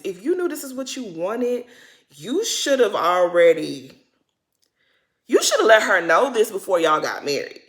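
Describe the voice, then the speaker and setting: A woman's voice: medium pitch, sing-song, unhurried. Woman, reality recap vlogger, sassy and outspoken, casual to-camera commentary. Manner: addresses cast members directly as "girl".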